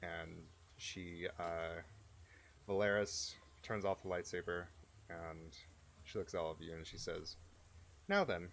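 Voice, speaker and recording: A game master narrating a tabletop game in a deep voice, slow and hesitant with many fillers. A faint hiss sits behind the voice. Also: male voice, little pitch movement, vocal fry, fairly bright tone.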